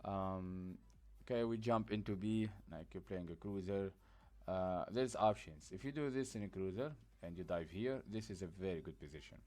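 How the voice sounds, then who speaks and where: Sleepy low-voiced man explaining a game. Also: moderate pace, dark tone. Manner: blunt, rambling, frequent fillers. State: sleepy, just woke up. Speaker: gaming guide creator. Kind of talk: casual gameplay tutorial commentary.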